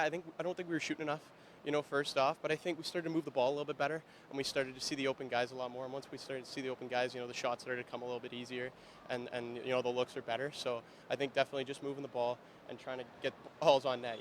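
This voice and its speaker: Young male player, quick and filler-heavy. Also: medium pitch, flat delivery, slight background noise. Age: young adult. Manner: fast, filler-heavy, with repeated restarts. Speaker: junior lacrosse player. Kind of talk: post-period sideline interview.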